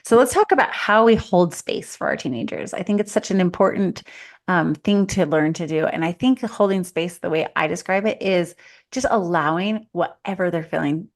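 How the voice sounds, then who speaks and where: Woman, co-host, life coach, earnest coaching tone, somewhat low pitch. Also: expressive, moderate pace. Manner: earnest, coaching, thinks aloud. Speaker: mother of teens. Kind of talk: casual advice chat.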